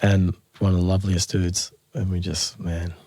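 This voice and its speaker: A man's voice: low-pitched, moderate pace, no room sound. A man, a guest musician, telling a story in a casual interview, laughing often and acting out what people said. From Australia. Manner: animated, laughing storyteller who acts out quotes.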